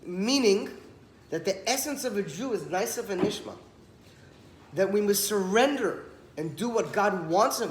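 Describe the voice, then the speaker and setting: A man giving a storytelling Torah talk, acting out the dialogue as he goes. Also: high-pitched. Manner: animated storyteller, acts out dialogue. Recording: echoey room, some background noise.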